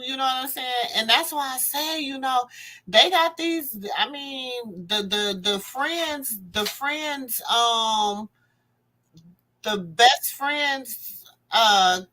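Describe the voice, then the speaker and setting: Slow-talking woman, bright voice. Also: a little high, rough recording. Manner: chatty, rambling with many fillers. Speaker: livestream host. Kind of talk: casual commentary livestream.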